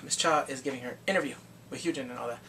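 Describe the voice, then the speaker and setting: A man recapping a TV drama in a casual vlog, chatty and excitable, acting out the scenes. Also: mid-range voice, rapid-fire, far from the mic, slight background noise, low-quality recording. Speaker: drama reviewer.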